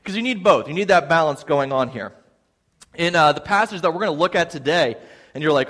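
A man preaching a sermon as a pastor, telling an animated, self-deprecating story with frequent "okay?" asides. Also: fairly high pitch, brisk. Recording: long hall reverb.

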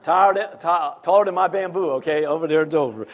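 Man, high-pitched voice, pastor preaching, conversational, reads scripture aloud. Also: fast, muffled recording. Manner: conversational, asks the congregation questions. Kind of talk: sermon.

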